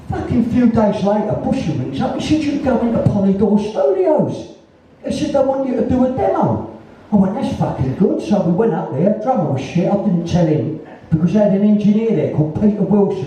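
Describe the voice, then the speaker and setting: A man's voice: high-pitched, mellow, slight background noise. An older man with a Cockney accent telling blunt, swearing, laughing anecdotes on stage at a live conversation event. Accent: Cockney, East London. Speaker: interviewee, punk musician. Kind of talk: casual storytelling on stage. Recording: echoey hall, distant lo-fi mic.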